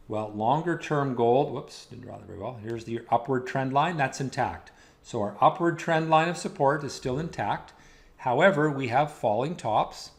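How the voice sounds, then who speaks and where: A man hosting a weekly market commentary, talking over charts on screen. He explains each chart in a steady, plain way with casual asides. His voice sits at an ordinary middle pitch. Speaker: market analyst host.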